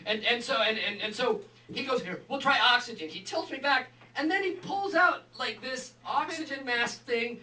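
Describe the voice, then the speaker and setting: A man doing stand-up, telling a story with animated asides and acted-out quotes. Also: extremely high pitch, normal speed. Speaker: stand-up comedian. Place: live comedy venue. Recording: echoey room, far from mic, audience noise.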